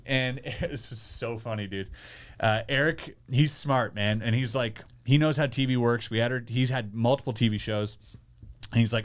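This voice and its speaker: A man co-hosting a podcast, telling an animated story in casual chat, acting out quotes and swearing. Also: mid-range voice, moderate pace. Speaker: podcast co-host.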